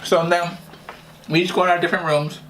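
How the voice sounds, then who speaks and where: A man's voice: high voice, level tone, brisk, fairly bright tone, slight background noise. Chatty man telling stories over a meal. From New Jersey. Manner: chatty, laughs often, eating while talking. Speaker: vlogger. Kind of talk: casual storytelling during a mukbang.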